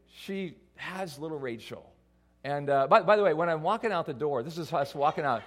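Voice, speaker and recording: Animated storytelling male pastor, higher voice. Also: moderate pace. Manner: animated, self-mocking storyteller. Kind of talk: sermon with personal storytelling. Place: church before a congregation.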